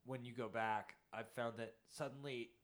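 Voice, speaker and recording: A woman hosting a casual interview chat, relaxed and affirming, with quick pop-culture references. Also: extremely low pitch.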